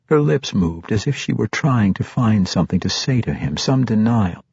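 Husky male audiobook narrator. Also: lowish voice, no echo. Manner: measured, steady reading. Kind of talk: scripted narration. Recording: dull, dry, muffled.

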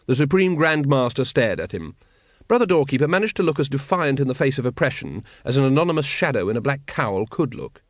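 A man's voice: mid-range voice, dry recording. A man narrating a comic fantasy story with wry, dry storytelling. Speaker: audiobook narrator. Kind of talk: scripted narration.

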